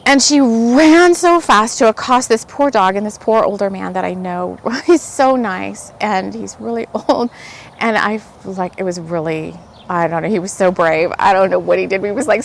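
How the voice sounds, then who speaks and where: Chatty woman rambling thru a spiritual podcast story, lots of "like"s, animated. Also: mid-range voice, vocal fry, slight background noise. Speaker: podcast host. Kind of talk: casual spiritual podcast chat.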